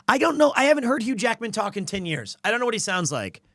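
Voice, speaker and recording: A man's voice: high-pitched, gravelly, fairly bright tone, dry recording, clean studio sound. A man streaming a game playthrough, reading the lines aloud with a joking, self-mocking manner. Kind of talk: casual voiced game playthrough.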